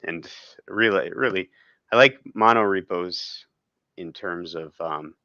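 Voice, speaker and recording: Very deep-voiced rambling man. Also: slow pace, pushed and bright, no echo. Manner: rambling, frequent laughs. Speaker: podcast guest. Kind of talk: casual chat. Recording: dull, dry lo-fi sound.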